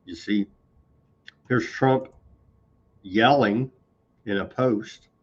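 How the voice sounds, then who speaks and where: A man's voice: lowish voice, extremely slow, husky. A man hosting a live news show, reading posts aloud and commenting with sarcasm and indignation. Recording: slightly dull lo-fi sound.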